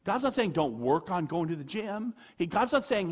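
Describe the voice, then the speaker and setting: A man preaching a sermon, animated, with laughing asides, acting out quoted voices. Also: high-pitched, normal speed, hardly any pauses, breathy edge. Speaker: pastor.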